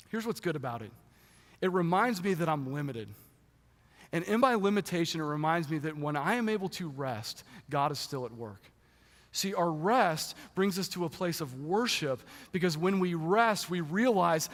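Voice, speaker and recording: A young adult man, a pastor, delivering a sermon in a lively, conversational way in a church. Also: high-pitched. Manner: animated, conversational preaching. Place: church sanctuary. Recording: long church hall reverb.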